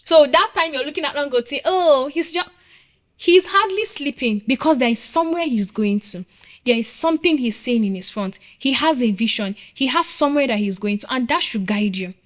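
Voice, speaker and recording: A woman's voice: sits high, lively intonation, moderate pace. A woman, a nurse speaking as a podcast guest, earnest and emphatic, repeating her points to drive them home. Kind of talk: motivational interview talk.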